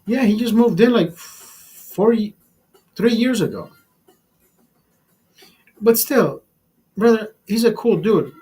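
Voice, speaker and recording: A man casually telling a profane story in a vlog, animated and blunt. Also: high-pitched, takes it slowly, pauses often, rough recording. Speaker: vlogger.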